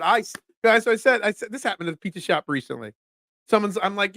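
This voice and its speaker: High, bright-voiced sports talk host. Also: male voice, quick pace, no room sound. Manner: animated, ranting, self-deprecating. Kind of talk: casual live-stream sports talk.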